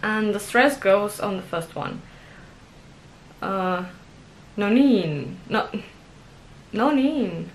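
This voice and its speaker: A woman's voice: mid-range voice, fairly even intonation, slow pace, long pauses, a bit bright, slight background noise. A young adult woman vlogging about learning a language, self-conscious and giggly, with many fillers and restarts. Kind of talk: casual vlog monologue.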